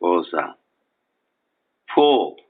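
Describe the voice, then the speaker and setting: A man giving a spiritual lecture while lying in bed, speaking slowly and deliberately and repeating and spelling out words, recorded on a cell phone resting on his chest. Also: low-pitched, sing-song, narrow, tinny audio. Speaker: spiritual teacher. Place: bedroom at night.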